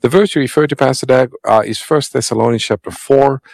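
A man co-hosting a call-in radio Bible show as a pastor, speaking calmly and reassuringly and introducing callers. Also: medium pitch, brisk, creaky, no room sound, clean studio sound. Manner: calm, reassuring, gives phone numbers and introduces callers.

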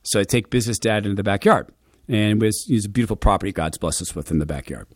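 A middle-aged man hosting a radio show, telling a personal story to his listeners in an earnest, heartfelt, conversational way with quick restarts. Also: lowish voice, dry recording, clean studio sound. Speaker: radio and podcast host.

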